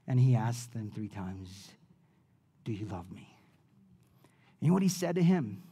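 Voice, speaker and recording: A man preaching a sermon as pastor, telling the story in a casual way with slang, rising loud and dropping to a hush. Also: medium pitch, breathy edge.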